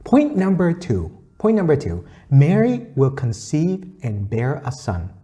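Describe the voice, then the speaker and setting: Guy doing a weekly gospel reflection, warm dark voice, earnest, quotes verses and repeats himself. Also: a little high, huge pitch swings, measured pace. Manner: earnest, teacherly, repeats key points, quotes scripture. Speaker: faith reflection speaker.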